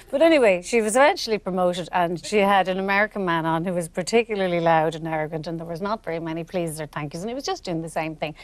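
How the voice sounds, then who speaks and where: A woman's voice: fairly low pitch, fast, no echo. A woman telling a comic anecdote, laughing often as she talks. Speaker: storyteller.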